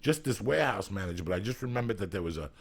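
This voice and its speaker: A man's voice: fairly low pitch, racing, breathy edge. A middle-aged man hosting a podcast, telling profane stories in casual chat. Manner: profane, animated storyteller. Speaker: podcast host.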